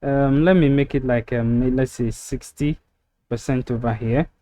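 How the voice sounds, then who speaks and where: Speaking at a measured pace with a mid-range voice, this male tutor guides viewers step by step through making a website. He's laid-back and full of filler, recorded on a desktop microphone alongside a screen capture.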